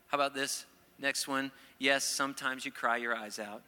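A middle-aged man preaching a sermon, playful and animated at first, then earnest. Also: mid-range voice, normal speed, clear, resonant tone, in a large hall. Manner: playful, acts out quoted voices, then earnest. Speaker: pastor.

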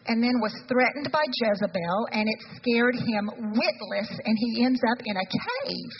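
A woman's voice: on the high side, a little hiss or hum. A woman pastor preaching a sermon in an earnest, frank way and reading scripture aloud, recorded in a church sanctuary with dull lo-fi sound and long reverb.

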